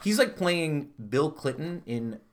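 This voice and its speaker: A man's voice: on the high side, animated, takes it slowly. A man co-hosting a podcast in casual chat, reading trivia aloud and breaking off into joking asides. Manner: chatty, jokey, reads trivia aloud with asides. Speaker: podcast co-host.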